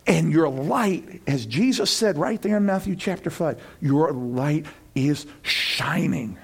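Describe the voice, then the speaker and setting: A male pastor preaching a sermon in an animated way, acting out the voices of friends and building to loud peaks. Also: fairly high pitch, takes it slowly, creaky, few pauses, slightly rough.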